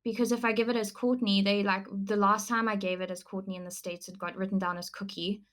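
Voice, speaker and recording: A young woman with a South African accent, co-hosting a podcast in casual, animated chat. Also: mid-range voice, a little fast. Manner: chatty, animated, laughs often. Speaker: podcast co-host.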